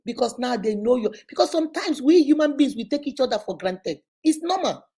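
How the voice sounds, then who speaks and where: A woman's voice: high voice, animated, brisk, warm tone, breathy edge. Chatty Nigerian woman giving advice. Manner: chatty, preachy, drops into pidgin and Igbo words. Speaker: vlogger giving relationship advice. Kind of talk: casual advice talk to followers.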